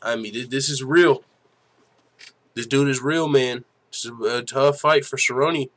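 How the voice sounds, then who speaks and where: A man's voice: medium pitch, unhurried, a bit bright, poor audio. A young man hosting a casual solo commentary on fighting sports, talking in a profane, slangy, hyped way. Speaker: MMA show host.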